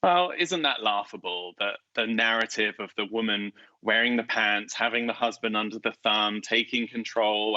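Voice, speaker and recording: A man with a low, bright, forceful voice gives measured, articulate answers as an interviewed author. The sound is dry and a little muffled, like a remote call. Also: dry recording. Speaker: guest author.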